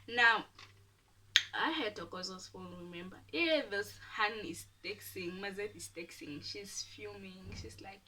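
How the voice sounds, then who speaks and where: A young woman from Namibia, telling a storytime with animated, dramatic delivery and whispered asides. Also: medium pitch, unhurried, far from the mic. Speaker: YouTuber. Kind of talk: casual storytime.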